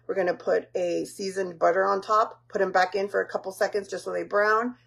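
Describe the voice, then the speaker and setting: A woman's voice: mid-range voice, steady tone, a little fast, creaky, fairly bright tone. A woman chatting casually as she walks through a home recipe, rambling and teasing herself with lots of fillers. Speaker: home cook vlogger. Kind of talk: casual cooking tutorial.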